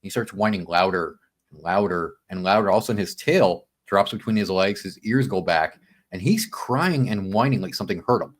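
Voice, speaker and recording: Animated storytelling man, podcast guest. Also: sits low, brisk. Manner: animated, acts out quotes, says man and dude a lot. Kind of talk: casual storytelling chat.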